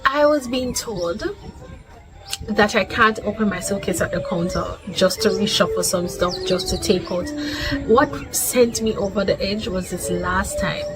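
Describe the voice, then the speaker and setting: A Jamaican woman, a vlogger and mother, tells a personal story in an emphatic, heartfelt way, stacking up lists and repeating herself for weight. Her mid-range voice is unhurried. The recording is low-quality, with music in the background.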